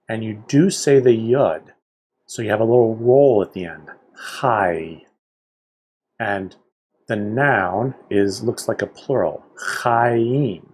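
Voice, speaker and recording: Male teacher, husky and low, unhurried, careful drill of vocabulary words. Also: a little mellow. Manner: slow, careful pronunciation with explanations. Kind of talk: vocabulary lesson read aloud.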